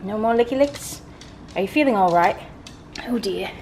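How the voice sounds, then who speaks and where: A woman's voice: medium pitch, animated, moderate pace, darkish tone, a little hiss or hum. A woman vlogging casually at home, chatting to the camera and cooing at her pets in a sing-song voice. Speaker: lifestyle vlogger. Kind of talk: casual home vlog chat.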